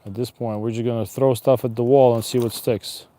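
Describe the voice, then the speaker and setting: A man's voice: medium pitch, steady tone, brisk, dark tone. A man chatting casually and wryly to himself and passersby while fishing outdoors by an icy river, streaming live. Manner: rambling, wry, talks to himself and passersby.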